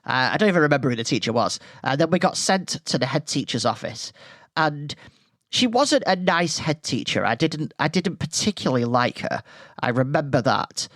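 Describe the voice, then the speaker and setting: A man's voice: on the high side, animated, normal speed, fairly bright tone, no room sound, clean studio sound. A man hosting a podcast, telling a school story in a casual, rambling way full of tangents. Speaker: podcast host.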